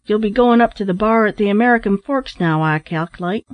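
A woman playing a nosy, pushy rough digger. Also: medium pitch, fairly quick, dry recording, lightly acted. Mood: prying. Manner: prying questions in rough dialect.

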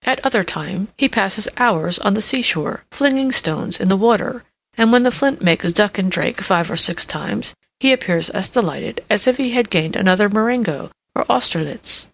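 A woman's voice: mid-range voice, lively intonation, moderate pace, gravelly, a bit bright. A woman voicing a grave, confident male minister of police delivering reports, in an audiobook reading. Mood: earnest. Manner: earnest, reporting in formal tones.

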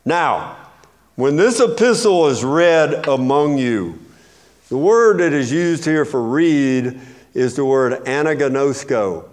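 A man's voice: medium pitch, expressive, takes it slowly. A man, a pastor, preaching an expository sermon with emphasis, posing rhetorical questions and answering them himself.

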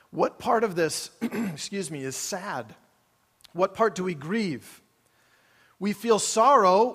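A man preaching a sermon in a high voice, talking casually with his congregation and asking them questions. His voice rings out in a large auditorium with a long reverb tail. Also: fairly bright tone. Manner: conversational, asks the congregation questions. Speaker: pastor.

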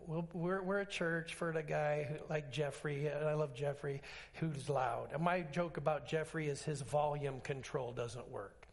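A man pastor preaching a sermon, telling stories with acted-out dialogue and emphatic swings in pitch. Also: a little slow, gravelly. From Alaska.

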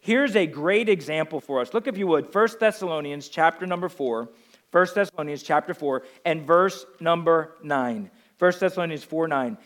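A pastor from the Northeastern US with a New Jersey accent preaches a sermon in a high, light, slightly bright voice at a moderate pace. He presses his points with repeated rhetorical questions and leans hard on key phrases.

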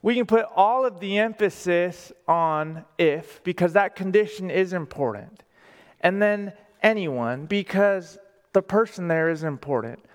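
High-voiced pastor preaching in a reverberant hall. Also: male voice. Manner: deliberate, emphatic, asks the congregation questions. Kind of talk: sermon. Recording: long reverb of a large hall.

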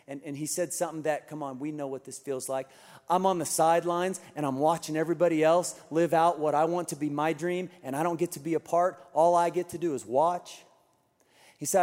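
A man preaching a sermon as a pastor, telling a story with lively delivery and acting out the quotes of the people in it. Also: on the high side. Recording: long hall reverb.

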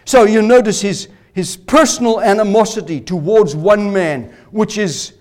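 A man's voice: high-pitched, measured pace, a little mellow. A man preaching a sermon, asking rhetorical questions and repeating phrases for emphasis.

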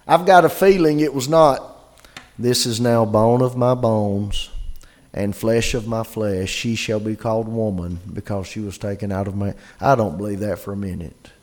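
A man preaching a sermon in a conversational way, reading scripture aloud slowly. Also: fairly high pitch. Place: church gathering.

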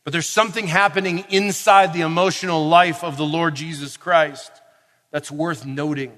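A man preaching a sermon in a conversational way, asking his listeners questions and building to forceful emphasis. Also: a little high, fairly even intonation, normal speed. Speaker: pastor. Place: church or camp meeting hall. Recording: long reverb of a large hall.

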